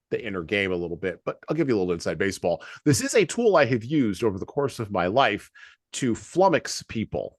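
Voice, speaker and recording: A man with a flat Midwestern accent hosts a podcast conversation. His voice sits very low and deep, and he talks in a measured, deliberate way. The sound is dry, with no room echo. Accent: flat Midwestern American. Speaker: podcast host.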